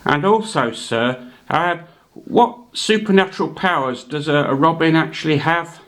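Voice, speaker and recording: A man voicing an elderly butler who is deadpan and hard of hearing. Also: a little high, unhurried.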